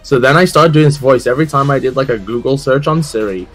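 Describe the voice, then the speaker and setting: A man's voice: medium pitch, quick pace, fairly bright tone, faint music behind. Crude joking streamer man. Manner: crude, joking, rambling, playful teasing. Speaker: streamer, co-host. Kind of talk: casual chat over gameplay.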